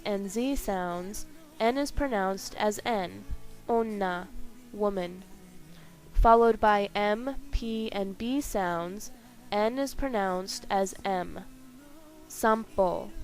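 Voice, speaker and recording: A woman reading a scripted language lesson carefully, slowing down to spell out each example. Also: mid-range voice, a little mellow. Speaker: language teacher.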